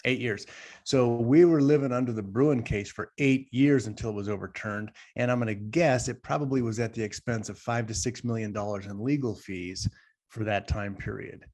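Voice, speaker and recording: A man with a medium-pitched, darkish voice co-hosts a casual podcast discussion at normal speed. He rambles emphatically and at length, frequently turning to talk straight to the audience.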